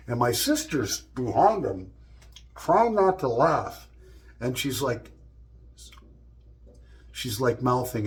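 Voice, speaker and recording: A middle-aged man tells casual stories straight to the camera in a loose, joking way, with plenty of profanity. His voice sits at an ordinary middle pitch for a man. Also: lively intonation, slow, pauses often. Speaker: vlogger. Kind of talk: casual storytelling monologue.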